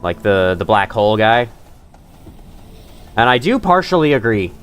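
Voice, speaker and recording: Dude streaming a game, chatty and jokey, voice bounces up and down a lot, bit of quiet music under it. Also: male voice, lowish voice, big pitch swings, measured pace. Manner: chatty, self-deprecating, laughs often. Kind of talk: live gameplay commentary.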